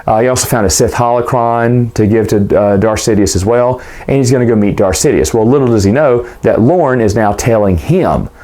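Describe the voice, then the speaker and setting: A man's voice: mid-range voice, a little fast, few pauses, dark tone. A man casually retelling a novel's plot for a book review vlog, rambling and loose, with frequent restarts.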